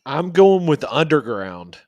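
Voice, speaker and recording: A man co-hosting a casual music podcast, halting and searching for words as he talks. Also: fairly high pitch, sing-song, darkish tone, no room sound. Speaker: podcast co-host. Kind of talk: casual chat about music.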